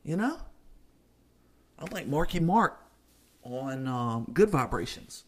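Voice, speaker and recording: High-energy man ranting on a podcast. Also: very animated, slow, husky. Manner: high-energy, emphatic, swings between loud bursts and low asides. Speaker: podcast host. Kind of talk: solo podcast rant.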